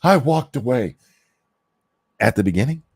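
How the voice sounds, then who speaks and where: A man's voice: mid-range voice, lively intonation, measured pace, creaky, a little mellow, slightly rough, dry recording. A man hosting a ranting reaction commentary, profane, sarcastic and berating. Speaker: commentary host.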